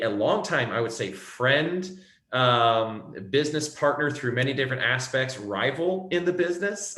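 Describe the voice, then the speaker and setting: A man's voice: medium pitch, a bit bright. A man hosting a casual video call chat, upbeat and joking as he introduces a guest. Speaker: host. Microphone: video call microphone. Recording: roomy video call audio.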